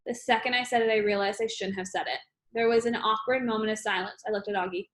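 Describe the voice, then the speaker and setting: A woman reading a children's novel aloud, plain and steady, with small restarts. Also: medium pitch, quick pace. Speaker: audiobook reader.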